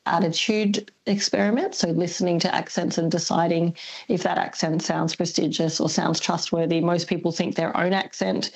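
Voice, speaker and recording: A woman's voice: fairly low pitch, steady tone, normal speed, gravelly, a little mellow, husky. A woman speaking as an expert guest in a radio interview, thoughtful and hedging, often laughing lightly.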